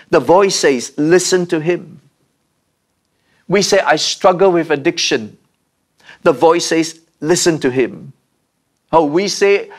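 A man preaching a sermon, slow and measured, with dramatic pauses and repeated refrains. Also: a little high. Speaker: pastor.

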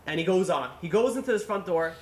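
A man, a rabbi, telling a long story in a sermon, animated and full of fillers, acting out the people in it. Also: high voice, quick pace, echoey room, slight background noise. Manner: animated, acts out quotes, many fillers.

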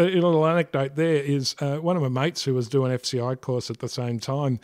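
Older Aussie ex-fighter pilot, mid-range voice, rambling and self-correcting, easy laugh. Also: male voice, mid-range voice, level tone, darkish tone. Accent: Australian. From Australia. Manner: halting, many fillers and restarts, laughs often. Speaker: retired air force fighter pilot, guest. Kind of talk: casual interview storytelling.

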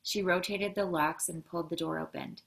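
Gravelly woman reading a children's novel. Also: on the low side, moderate pace. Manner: expressive, occasional slips. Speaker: educator reading aloud.

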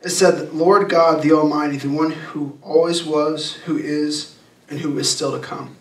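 A young adult man giving a youth sermon, talking casually and emphatically and slowing down to read scripture. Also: fairly high pitch, steady tone. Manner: emphatic, conversational preaching with slowed scripture reading. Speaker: youth pastor. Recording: echoey room, distant mic.

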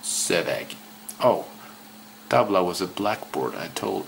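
Slow, low-voiced man. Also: expressive, creaky, noisy background. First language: Swedish. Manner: hesitant, repeats words aloud slowly. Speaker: language learner. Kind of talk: casual self-study walkthrough.

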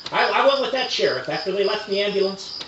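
A man from Kentucky preaching a revival sermon in a tent meeting, telling a story and swinging between hushed passages and shouted emphasis. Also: high-pitched, lively intonation, quick pace, noisy background. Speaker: evangelist. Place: tent meeting at rodeo grounds. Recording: distant roomy lo-fi recording with crickets.

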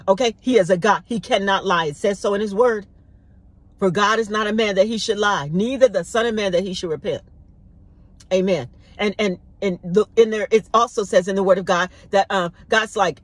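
A woman's voice: on the low side, normal speed, slightly rough. A woman giving an informal devotional sermon, talking conversationally and repeating words for emphasis. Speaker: preacher.

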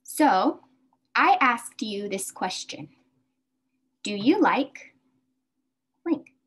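Woman teaching beginner english, super slow and careful, kinda high voice, repeats stuff. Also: very animated, husky.

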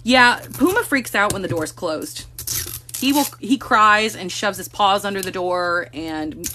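A woman's voice: medium pitch, expressive, measured pace, sharp tone, a little hiss or hum. A woman hosting a casual live stream from a room at home, chatting to viewers and cooing baby talk to her cats.

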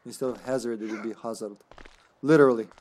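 A man's voice: mid-range voice, animated, normal speed, a little mellow. A man streaming a game live, joking, laughing and swearing as he plays. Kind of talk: live gameplay commentary.

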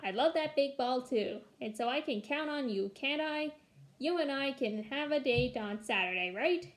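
A woman's voice: high voice, expressive, normal speed, pitched above the performer's own voice. Storybook grandpa: woman doing a playful, coaxing old man, light voice. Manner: coaxing, teasing.

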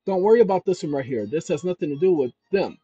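Man, channel host, instructional talk, emphatic, dark warm tone, dull lo-fi sound. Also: on the high side, expressive, fast talker, husky. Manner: emphatic, talks to viewers as "ladies and gentlemen", checks in with "okay?". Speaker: channel host giving legal advice. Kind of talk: instructional screen-share talk. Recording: dull lo-fi recording.

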